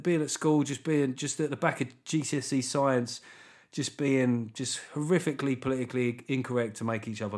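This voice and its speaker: A British man hosting a podcast, chatting casually with cheeky, irreverent banter. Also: mid-range voice. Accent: British English. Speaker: podcast host. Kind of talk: casual comic podcast monologue.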